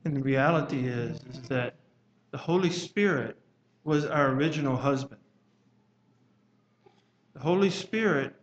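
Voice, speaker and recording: A man preaching a sermon at a church service, speaking in a measured, halting way and reading scripture aloud in old-fashioned wording. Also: a little high, muffled recording, a little hiss or hum.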